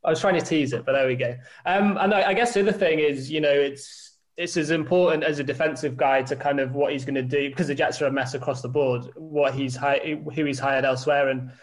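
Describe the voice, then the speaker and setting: A man co-hosting a sports podcast, rambling through his opinions and joking about his own monotone. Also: fairly high pitch, a little fast. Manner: flat-toned, rambling, self-deprecating. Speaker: podcast co-host, editor. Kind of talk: casual sports podcast chat.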